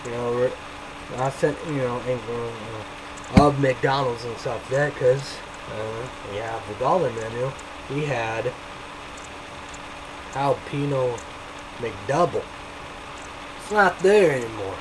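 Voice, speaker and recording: Rambling profane slow-talking vlogger man. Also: mid-range voice, noisy background. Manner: rambling, profane, shouts hype catchphrases. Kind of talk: casual rambling review.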